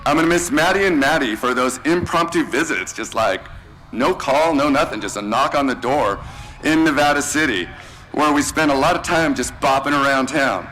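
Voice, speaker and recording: A man's voice: medium pitch, lively intonation, normal speed, rough recording. A male teacher giving a casual, slangy farewell speech at a graduation ceremony, thanking students one by one. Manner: warm, casual and slangy, addressing students by name.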